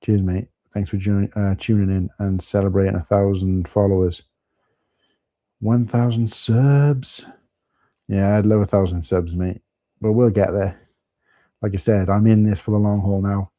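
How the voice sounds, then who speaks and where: A man's voice: low voice, level tone, moderate pace, mellow, no room sound. A man with a Welsh accent, chatting casually with viewers as host of a live stream, calling them mate.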